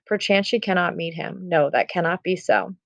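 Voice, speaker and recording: A woman's voice: lowish voice, animated, normal speed, dry recording. Woman reading as an impatient young girl in love. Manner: reads old verse plainly, then restates it in modern words. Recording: dull, muffled recording.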